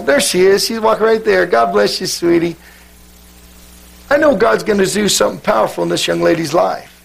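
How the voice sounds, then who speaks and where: A man's voice: high voice, gravelly, fairly bright tone, slight background noise. A man pastor, joking with his congregation and then leading fervent worship in prayer. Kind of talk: sermon.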